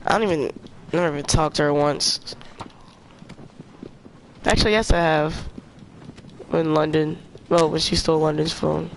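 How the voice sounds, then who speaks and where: A young man streaming a video game, chatting in slang and yelling at the game when things go wrong. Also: on the high side, moderate pace, gravelly, pauses often. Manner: excitable, trash-talking slang, yells at the game. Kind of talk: casual gaming commentary. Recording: noisy game sound underneath.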